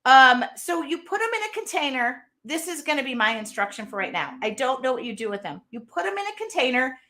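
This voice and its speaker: A woman's voice: sits high, sing-song, brisk, bright, forceful tone. A woman hosting a casual live unboxing from her art studio, chatty and rambling as she reads out viewer comments. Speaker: craft video host.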